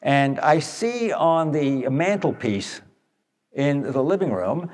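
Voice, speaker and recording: A man telling stories to an audience in a blunt, animated way, tossing in rhetorical questions. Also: fairly high pitch, slow pace. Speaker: speaker addressing an audience. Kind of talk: storytelling talk to an audience. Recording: long echoey hall reverb.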